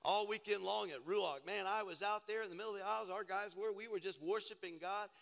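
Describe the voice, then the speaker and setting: Hoarse male pastor, sermon, gravelly, reverberant sanctuary. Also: high voice, brisk, a bit bright. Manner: conversational, builds to emphatic preaching. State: hoarse from shouting.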